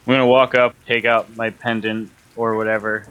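A man's voice: lowish voice, level tone, moderate pace, fairly bright tone, smooth. A man playing a tabletop game, casually chatting and improvising in character. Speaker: player.

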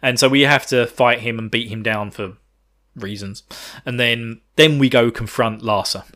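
A man with a middle-pitched voice recaps a game in loose, casual podcast chat. He is irreverent, drops swear words and keeps breaking into chuckling asides. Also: moderate pace, sharp tone. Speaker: podcast host.

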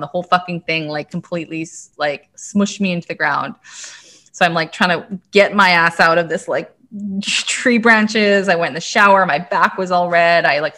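A woman's voice: fairly low pitch, pushed and bright. A woman in her thirties from Canada, a podcast guest and intuitive coach telling her own story in a chatty, casual way, swearing freely and saying "like" often.

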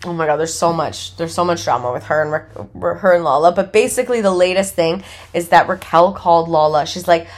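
A woman's voice: on the low side, fairly quick, few pauses. A young woman hosting a podcast, telling a reality-show recap in a chatty way, full of filler words and laughter. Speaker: podcast host.

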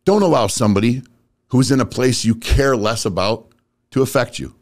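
A man who is a motivational speaker and auto business owner gives viewers a casual motivational talk in a medium-pitched, fairly quick voice. He's blunt and direct, using street slang and calling his audience "bro" and "guys."

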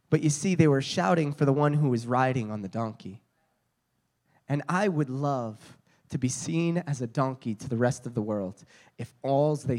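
A man preaching a sermon, telling stories with frequent restarts and repeated words. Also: fairly high pitch.

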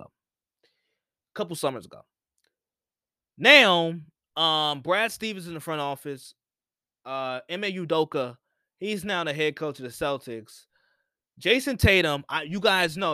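A man's voice: fairly high pitch, sharp tone, no room sound, studio quality. A man hosting a sports podcast, talking casually and repeating his points for emphasis. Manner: opinionated, repeats himself for emphasis. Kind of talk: casual solo sports talk.

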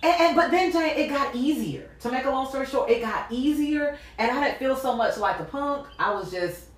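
This podcast host has a high voice and speaks at normal speed, captured from a distance in an echoey room. She shares a personal story on a casual faith talk, acting out conversations lively and often breaking into laughter.

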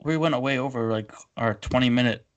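A man co-hosting a podcast, chatting casually and making quick joking asides. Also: medium pitch, highs cut off. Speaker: podcast co-host. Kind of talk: casual chat.

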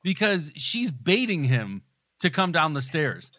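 A man talks through a movie's plot in relaxed podcast chat, recounting each scene in detail. His voice is bright and forward, and the recording is close and dry with no room sound. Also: on the high side, unhurried, no echo. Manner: retells scenes in detail, laughs often. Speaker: podcast co-host. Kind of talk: casual movie discussion.

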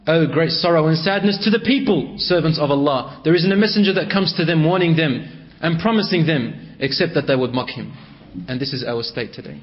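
A man preaching a sermon in storytelling style, swinging between raised and hushed delivery. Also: on the high side, brisk. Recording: dull lo-fi recording.

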